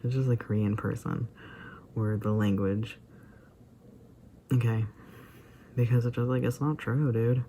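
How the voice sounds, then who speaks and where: A man talks through his reactions in a loose, rambling vlog style, stacking up fillers and slipping into near-whispered asides. His voice has a gravelly edge and a dark, mellow tone. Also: medium pitch, steady tone, unhurried, long pauses, slight background noise. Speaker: vlogger reacting to a video. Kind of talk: casual rambling commentary.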